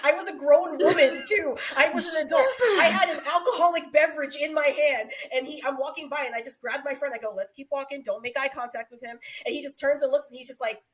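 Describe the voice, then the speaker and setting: A woman's voice: high voice, fast, hardly any pauses. A young adult woman co-hosting a podcast, telling stories in casual chat with lots of laughter and acted-out screams. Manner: animated storytelling, laughs often, acts out screams. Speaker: podcast co-host.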